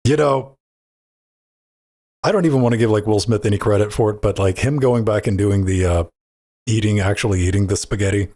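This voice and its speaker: A man with a low, husky voice talks on a gaming podcast. He rambles in loose banter, restarts his sentences and swears without a second thought. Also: fairly quick, long pauses, a little mellow. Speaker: podcast co-host.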